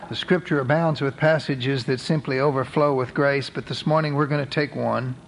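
A man preaching a sermon as pastor, reading scripture slowly and with emphasis. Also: mid-range voice, fairly even intonation, slight background noise, low-quality recording.

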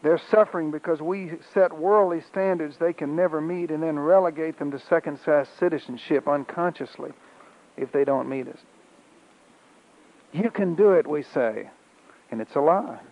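A man preaching a sermon with an emphatic, repeating cadence and frequent throat-clearing. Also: fairly high pitch, normal speed. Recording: dull lo-fi recording.

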